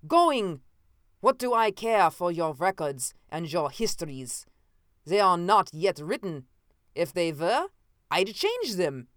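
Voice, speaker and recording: A man's voice: high-pitched, drawn-out words, pauses often, dark tone, smooth, no echo, clean studio sound. A narrator voicing a frantic male time-traveling inventor who pleads, then turns mocking.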